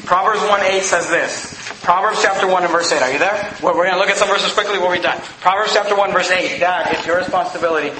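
A pastor preaching in a high, strained voice, swinging from shouted exhortation to quick conversational asides. The sound bounces around a roomy sanctuary, with steady noise in the background. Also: male voice. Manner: fiery preaching, shouting at peaks then dropping to asides. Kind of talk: sermon. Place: church sanctuary. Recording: echoey hall, noisy.

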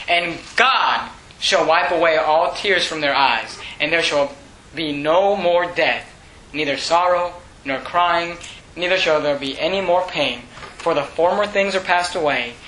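A male pastor preaching a sermon, swinging from shouted peaks to hushed, quiet lines. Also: fairly high pitch, roomy sound, a little hiss or hum, low-quality recording.

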